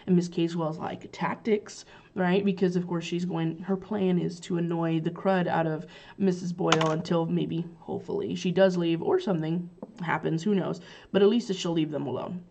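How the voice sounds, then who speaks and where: Woman, casual book summary, chatty with fillers, low pitch, mellow tone. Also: steady tone, moderate pace, gravelly. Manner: chatty, with many fillers and paraphrased quotes.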